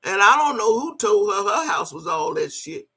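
Gravelly-voiced older woman ranting. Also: medium pitch, sing-song, moderate pace, pushed and bright. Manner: profane, mocking, laughs often. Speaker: vlogger. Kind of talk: casual rant to the camera.

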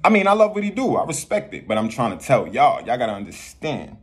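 A man's voice: medium pitch, huge pitch swings, fast talker, breathy edge. A man delivering a rambling spiritual rant to his viewers, preachy and profane, often repeating himself. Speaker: vlogger.

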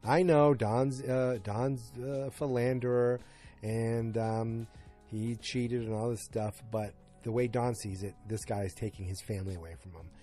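A man's voice: medium pitch, fairly even intonation, unhurried, dark tone, soft background music. A man hosting a podcast, recapping a TV episode in a casual, rambling and enthusiastic way. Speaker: podcast host.

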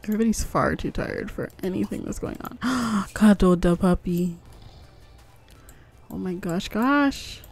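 A woman's voice: on the low side, measured pace, vocal fry, a little mellow, breathy edge. A young woman giving casual, rambling commentary on a life-simulation game, giggling and cooing at the pets. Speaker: gaming YouTuber. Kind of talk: casual let's-play commentary. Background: faint background music.

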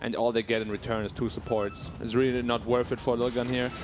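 A man giving color commentary and analysis on an esports match in a quick, conversational way. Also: medium pitch, flat delivery, music in the background.

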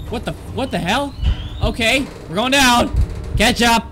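High-voiced man panicking through a horror game. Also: slow pace, long pauses, background noise. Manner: jumpy, swears a lot, yelps and panics; jokey self-talk to viewers and the game. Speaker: gaming channel host.

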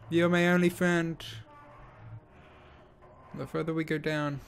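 A man's voice: a little high, little pitch movement, slow pace, gravelly, pauses often, a little hiss or hum. Jittery young man playing a horror game. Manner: nervous, talking to himself, repeating questions. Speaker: gaming YouTuber. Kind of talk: horror game let's play commentary.

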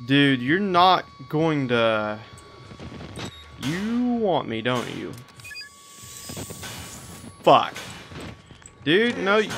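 A man giving frantic commentary while playing a horror game, swearing and shouting at what chases him. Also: sits high, animated, measured pace, pauses often, soft background music. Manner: panicky, swearing, yelling at enemies. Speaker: gaming video creator.

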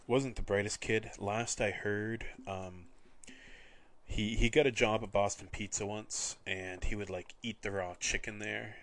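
A young man from Canada hosting a podcast, telling wry, rambling anecdotes in a deadpan way. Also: on the low side. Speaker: podcast host. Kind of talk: casual storytelling.

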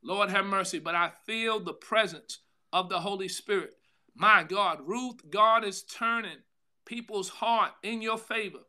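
A man pastor giving a devotional sermon, calling out to listeners by name, with a drawn-out delivery and sudden loud bursts. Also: high voice. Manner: preaching with call-outs to listeners by name.

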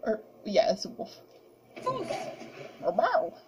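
A woman's voice: on the high side, wildly swooping pitch, slow pace, dull audio, background noise. A woman chatting casually while playing a game, giggling, yawning and talking to the characters on screen. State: sleepy, yawning. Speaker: gamer. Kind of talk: casual gameplay commentary.

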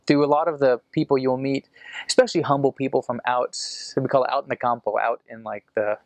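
An American man explaining casually, rambling with fillers and restarts, and slowing down to demonstrate sounds. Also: mid-range voice, fairly even intonation, no room sound. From United States. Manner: demonstrates sounds slowly and carefully. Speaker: returned missionary explaining an accent.

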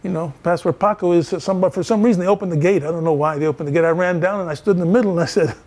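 An older male professor gives a lecture in a fairly high voice. He tells animated stories and acts out the dialogue in them. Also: rapid-fire. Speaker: professor giving a talk. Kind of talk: storytelling lecture.

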